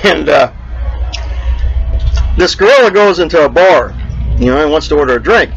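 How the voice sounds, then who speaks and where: Rambling man telling jokes, lively pitch. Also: moderate pace, creaky, lo-fi sound. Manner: rambling storyteller, repeats "he goes". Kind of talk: casual joke telling.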